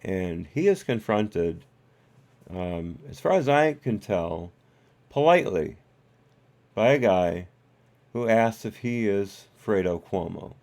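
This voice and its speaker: A low-voiced man hosts a live stream and talks through his commentary in a loose, rambling way. He hesitates often and fills the gaps with ums and uhs. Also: animated, slow, darkish tone. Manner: rambling, hesitant, with many fillers. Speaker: host.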